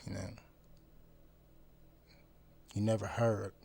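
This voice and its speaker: A man talking bluntly and profanely in a casual vlog monologue. He repeats phrases for emphasis and swings between loud outbursts and low mutters. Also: flat delivery, takes it slowly, gravelly, a little hiss or hum. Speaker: vlogger.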